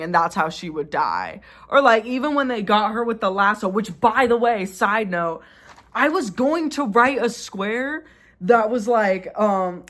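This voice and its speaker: A young woman vlogging casually, ranting in an exasperated, animated way with lots of fillers. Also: mid-range voice. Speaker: YouTuber. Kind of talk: casual vlog commentary.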